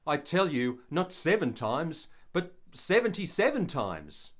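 A man voicing Jesus as calm and patient, speaking slowly and gently. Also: a little high. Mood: gentle. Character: calm, patient male Jesus questioning a disciple.

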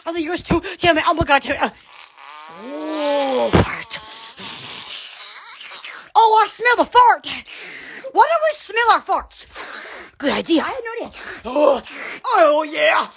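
A woman's voice: high-pitched, big pitch swings, measured pace, pauses often, fairly bright tone. A woman, hosting a livestream on her phone in giddy chatter full of squeals and laughing exclamations. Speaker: livestream host.

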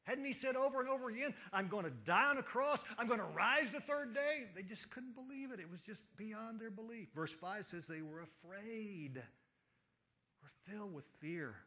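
A man preaching an Easter sermon as a pastor in a church, building to emphatic rising questions and dropping to hushed words. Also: high voice, expressive, moderate pace. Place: church sanctuary.

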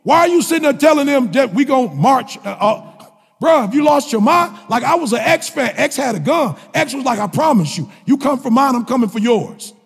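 A male preacher with delivers a motivational sermon, his husky voice rising into shouted, sing-song refrains. His voice sits high for a man. Soft music plays under him in a hall with a long reverb. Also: lively intonation, brisk.

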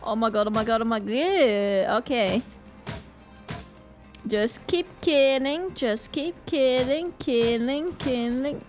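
A woman with a Northern Irish accent giving excitable gameplay commentary, full of panicked exclamations. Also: on the high side, slow, soft background music. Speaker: gaming channel host.

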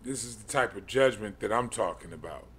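A man in his forties teaching a Bible study in a slow, halting way, with many pauses and restarts. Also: fairly low pitch, expressive, fairly bright tone, husky. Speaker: podcast teacher.

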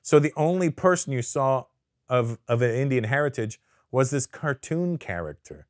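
A middle-aged man from Canada, speaking as a comedian guest in a relaxed studio interview. His voice sits in an ordinary middle pitch, and the sound is close and dry. He tells stories in an animated, profane way and keeps slipping into quoted voices. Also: moderate pace, no echo. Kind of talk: casual interview chat.

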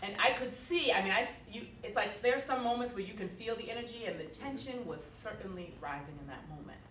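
A woman's voice: medium pitch, fast talker, a bit bright. Woman, keynote speaker, earnest storytelling, conversational, distant mic, roomy hall, faint background hiss. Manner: earnest, conversational, with frequent fillers. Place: lecture hall. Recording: echoey hall recorded from afar.

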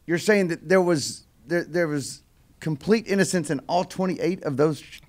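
A man's voice: fairly high pitch, moderate pace, darkish tone. Man, podcast co-host, probing questions, restates answers. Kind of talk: podcast interview.

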